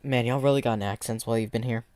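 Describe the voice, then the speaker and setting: A man's voice: mid-range voice, steady tone, racing, darkish tone, no room sound, clean studio sound, natural voice. A man voicing an earnest camera-headed agent who sighs as he speaks.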